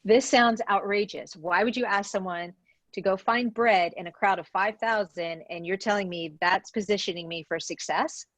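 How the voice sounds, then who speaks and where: A woman leading a Bible study over a video call, chatty and animated, often checking in with her listeners. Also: mid-range voice, moderate pace, no room sound. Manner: chatty, animated, asks questions, says okay often.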